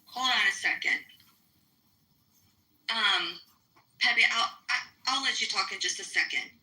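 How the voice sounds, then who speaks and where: A woman's voice: a little high, pushed and bright, poor audio. A woman ranting angrily in a live audio chat room, swearing and firing off rhetorical questions. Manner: angry, profane, rapid rhetorical questions.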